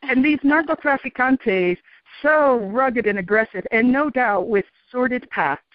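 A woman telling a story as an interview guest, calm and animated, often laughing. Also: a little high, unhurried, dry recording. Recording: dull, dry radio sound.

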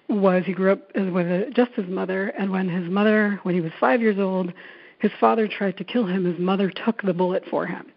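A woman who facilitates prison workshops, speaking earnestly with many fillers and restarts as she tells personal stories. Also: medium pitch. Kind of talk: reflective talk with personal stories. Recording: dull lo-fi recording.

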